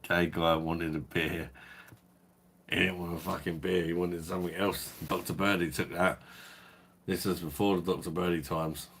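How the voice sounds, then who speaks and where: A deep-voiced man talks casually on his beer review livestream. He rambles through a story, swears freely and chuckles along the way. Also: steady tone, moderate pace, fairly bright tone, a little hiss or hum.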